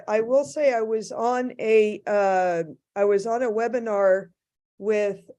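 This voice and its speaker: A woman speaking as a faculty panelist in an academic discussion, thoughtful and halting, with many restarts. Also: medium pitch, darkish tone.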